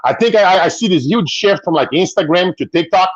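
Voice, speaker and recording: Brazilian-accented man, casual guest, animated storyteller, high bouncy voice, dry slightly dull sound. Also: brisk, slightly rough, dry recording. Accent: Brazilian Portuguese. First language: Portuguese. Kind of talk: casual chat on a video call.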